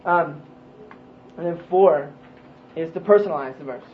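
A man's voice: fairly high pitch, unhurried. A man giving an informal Bible lesson to a small group, conversational and full of questions and restarts. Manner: conversational, asks questions, frequent ums and restarts. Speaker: Bible study teacher. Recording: dull lo-fi recording with faint noise.

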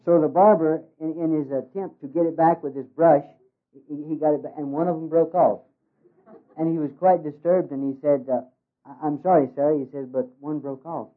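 A man's voice: a little high, steady tone, a little fast. Folksy man speaking over a tinny line. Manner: folksy, hesitant with many uh's. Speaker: ministry worker giving a talk. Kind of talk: humorous speech with jokes. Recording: tinny phone-like radio recording.

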